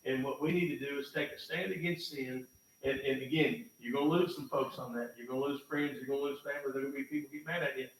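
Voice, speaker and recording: A man preaching a sermon in a church, folksy and emphatic, swinging from loud bursts to low, quiet lines. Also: fairly even intonation, fast talker. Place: church sanctuary. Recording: echoey church from far off, faint noise.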